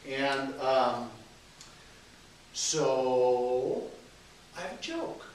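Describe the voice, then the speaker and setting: A man's voice: medium pitch, very animated, very slow. A man giving an informal sermon with jokes, rambling with many fillers and restarts, recorded from a distance in an echoey hall with faint hiss. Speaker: minister giving a talk. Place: church meeting hall.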